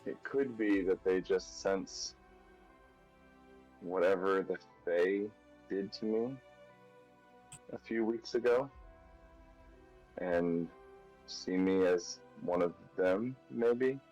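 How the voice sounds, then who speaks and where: A man's voice: deep voice, takes it slowly, long pauses, a little mellow, lo-fi sound, soft background music. A man playing a tabletop game in character, thinking aloud hesitantly with fillers. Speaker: player.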